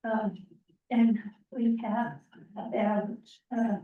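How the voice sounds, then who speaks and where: A woman presenting to a town planning meeting, speaking slowly with many pauses and ums. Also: mid-range voice, fairly even intonation. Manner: slow, halting, many ums. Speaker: open space committee presenter. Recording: roomy, distant, muffled meeting audio.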